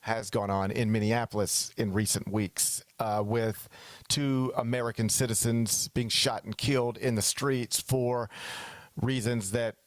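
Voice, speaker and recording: A man's voice: medium pitch, fairly even intonation, a little slow, no echo. A man hosting a sports talk show, talking casually and animatedly, often slipping into mock quotes of other people.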